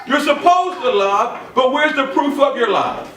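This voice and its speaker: A man preaching a sermon, repeating his points with emphasis and building up to shouts. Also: very high-pitched, expressive, measured pace, a little hiss or hum. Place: church or ministry hall. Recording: echoey room from a distant mic.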